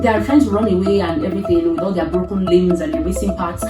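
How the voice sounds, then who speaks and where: A young woman with a lowish voice recaps a thriller in an animated, swearing rant, scolding the characters as she goes. She sits at some distance from the mic in an echoey room, with music playing clearly behind her. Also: a little fast. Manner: animated, exclaiming, swearing, talking back at characters. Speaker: movie reviewer. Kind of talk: casual movie recap and rant.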